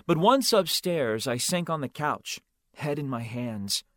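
Male audiobook narrator, first person, wry and understated, expressive pitch. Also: a little slow, no echo, studio quality.

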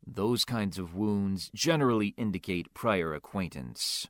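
A man doing a low, drawling skeptical cop. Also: a little slow, dry recording, clean studio sound, close to an everyday voice. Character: skeptical, laconic male police detective.

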